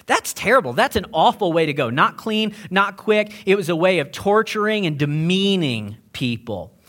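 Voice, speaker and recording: A man preaching a sermon in a lively, joking way, acting out the voices of the people he quotes. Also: high-pitched, moderate pace. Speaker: pastor.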